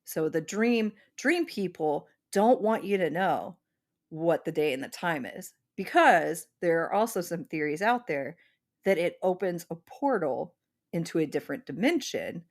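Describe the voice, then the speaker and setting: A woman's voice: lowish voice, expressive, measured pace. A woman co-hosting a podcast, telling a long story in casual chat with lots of "like" fillers. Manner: rambling storyteller, many "like" fillers. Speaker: podcast co-host.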